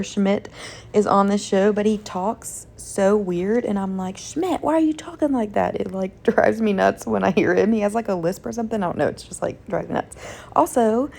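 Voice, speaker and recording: Chatty young woman with gravelly fry. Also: mid-range voice, darkish tone. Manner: chatty, upbeat, lots of "like" fillers. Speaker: flight attendant vlogger. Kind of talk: casual vlog narration. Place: hotel room and crew travel.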